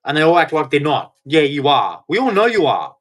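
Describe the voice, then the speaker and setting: A man's voice: on the high side, big pitch swings, fairly quick. A man delivering an angry, heated rant, swearing and speaking with hard emphasis. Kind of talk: angry ranting monologue.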